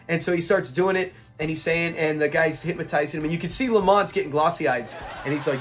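High-voiced man, laughing episode review. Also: quick pace. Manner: excitable, laughs often, quotes characters in retelling. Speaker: show reviewer. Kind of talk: casual episode breakdown.

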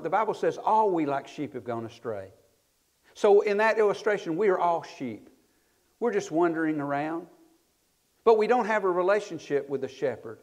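A male pastor preaching a sermon with emphatic rises and falls, reading scripture aloud in old-style wording. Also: fairly high pitch. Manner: emphatic preaching, voice swelling then falling off at phrase ends.

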